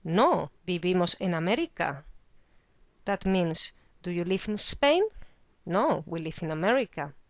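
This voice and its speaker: A woman teaching a beginner Spanish lesson, explaining verb endings in a scripted way and saying the example words slowly and clearly. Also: on the low side, lively intonation, no echo. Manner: clear, slow model pronunciation of example words.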